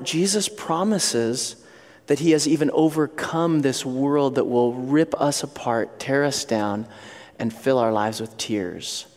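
A male pastor delivers a sermon with a somewhat high voice. He is earnest, pushes up into emphatic questions, then sinks quiet on key lines. His voice rings out with a long reverb.

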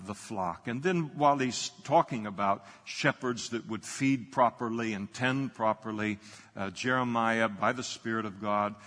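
A man's voice: mid-range voice, a bit bright. Man preaching in a reverberant church. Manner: unscripted, many fillers and restarts. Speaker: pastor. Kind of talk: sermon.

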